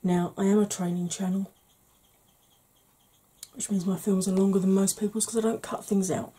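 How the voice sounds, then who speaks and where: A woman hosting a soft-spoken makeup tutorial, chatty and explaining each step, tired and yawning. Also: mid-range voice, little pitch movement, normal speed, breathy edge.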